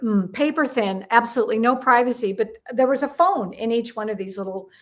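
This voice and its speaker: An older woman, a guest in an interview, telling anecdotes in an animated way and acting out the dialogue she quotes. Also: a little high, a little fast. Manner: animated storyteller who acts out quoted dialogue. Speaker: guest numerologist. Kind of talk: casual storytelling interview.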